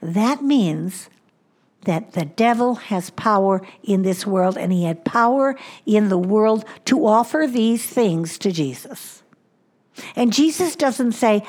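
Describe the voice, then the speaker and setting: A woman preaching a sermon, slowing down and dropping to a hushed voice on key points. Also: mid-range voice, lively intonation. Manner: slows down for emphasis, drops to a hushed voice on key points.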